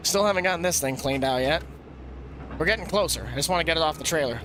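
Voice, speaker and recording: A man's voice: on the high side, fast, fairly bright tone, a little hiss or hum. A young man rambling and joking casually while live-streaming a farming game. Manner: rambling, jokey, laughs often. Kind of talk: casual gameplay chatter.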